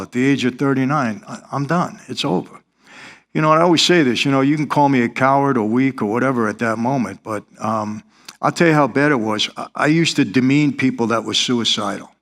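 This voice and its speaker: A man's voice: medium pitch, normal speed, fairly bright tone. A middle-aged man, telling his life story in earnest, confessional style as an interview guest. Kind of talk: interview testimony.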